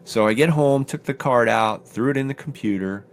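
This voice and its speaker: A middle-aged man with a mid-range voice tells a story in relaxed studio chat. He keeps it conversational and animated. His quoted remarks jump up in pitch. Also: moderate pace. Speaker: podcast co-host.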